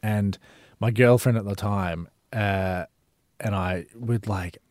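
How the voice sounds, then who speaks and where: A man's voice: fairly low pitch, fairly even intonation, slow pace, darkish tone, no echo, studio quality. A young Australian man co-hosting a breakfast radio show, telling stories in a rambling way with lots of fillers. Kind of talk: casual chat. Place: radio studio.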